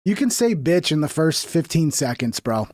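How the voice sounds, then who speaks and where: A man with a high voice talks to his livestream viewers as he reacts to clips. He mocks the people in them and swears freely. His pitch swings widely, and the close mic leaves little room sound. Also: moderate pace, dry recording. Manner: animated, mocking, swears freely. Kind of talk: casual profane reaction commentary.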